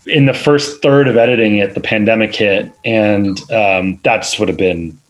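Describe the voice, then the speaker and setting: A man's voice: lowish voice, moderate pace, poor audio. A man, a film editor, talking casually in an interview, rambling with many fillers and restarts. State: parent of two little kids.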